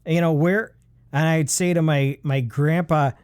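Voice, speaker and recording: A man hosting a comedy show, rambling, halting and full of fillers and restarts. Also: fairly high pitch, fairly even intonation, darkish tone, clean tone, no room sound, studio quality. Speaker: comedy podcast host. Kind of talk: deadpan rambling comedic monologue.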